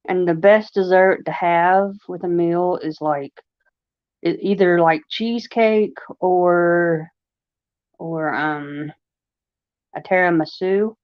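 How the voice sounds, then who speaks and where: A woman with a Long Island accent chats slowly and rambles through a casual livestream, her voice a little low. The sound is dry and slightly dull, like a lo-fi home recording. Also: steady tone, no room sound. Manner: rambling, chatty, heavy use of fillers. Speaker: livestream host.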